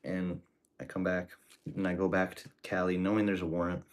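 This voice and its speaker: A man's voice: sits low, completely flat delivery, a little fast. A man streaming as he cooks, telling rambling stories in casual, profane slang. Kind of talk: casual storytelling while cooking.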